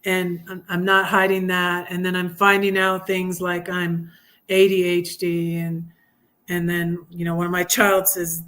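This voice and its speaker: A woman's voice: fairly low pitch, monotone, a little slow, a bit bright. A middle-aged woman hosting a casual livestream, rambling with fillers and restarts as she chats. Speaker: livestream host reading poems. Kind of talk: casual livestream chat and poetry reading.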